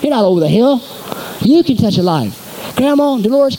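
A man preaching a sermon as pastor to his congregation, animated and exhorting, in a church. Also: very high-pitched, normal speed, a little hiss or hum, low-quality recording.

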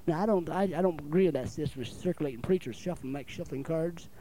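A man preaching with a high but mellow voice. He talks in a folksy, conversational way, keeps asking the congregation for an amen, and acts out little exchanges himself. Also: quick pace, poor audio. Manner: folksy, calls for amens, acts out little dialogues. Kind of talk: sermon.

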